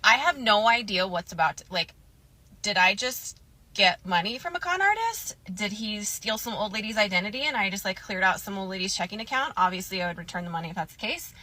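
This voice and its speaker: A woman telling a personal story to camera in a casual, animated, candid way. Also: mid-range voice, fairly quick. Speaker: storytime vlogger.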